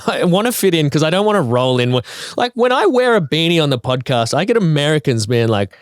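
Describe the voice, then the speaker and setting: A man's voice: fairly high pitch, sing-song, fairly quick, no echo, studio quality. A young man with an Australian accent, co-hosting a podcast in casual chat, joking and laughing often. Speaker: podcast co-host.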